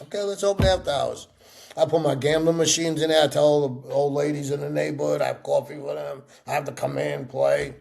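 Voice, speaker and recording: A middle-aged man tells stories in a sit-down interview. His voice sits a little high and has a gravelly rasp. He talks animatedly and acts out the people he describes. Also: fairly quick, few pauses. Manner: animated storyteller acting out quoted voices. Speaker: interview guest.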